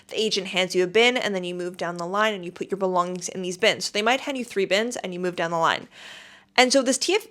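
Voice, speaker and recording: Woman chatting on her podcast at home, animated and emphatic, middle pitch. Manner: animated, emphatic, exasperated retelling. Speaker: podcast host. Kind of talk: casual storytelling.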